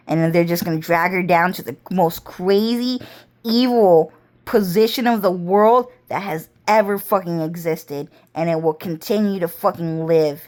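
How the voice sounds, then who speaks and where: A woman's voice: normal speed, darkish tone. A woman vlogger delivering a rambling, intense monologue full of swearing. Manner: profane, intense, swinging pitch and pace.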